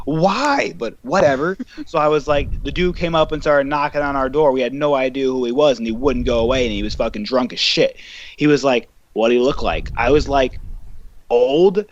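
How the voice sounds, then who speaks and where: A young man co-hosting a podcast, telling a story in casual chat, animated and profane, acting out what people said. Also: medium pitch. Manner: animated, profane, acts out quotes. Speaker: podcast co-host. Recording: dull lo-fi podcast mic with faint hiss.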